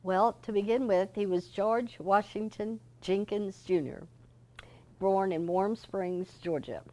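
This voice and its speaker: Older woman, author guest, folksy and animated storyteller. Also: medium pitch, slow. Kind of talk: interview storytelling.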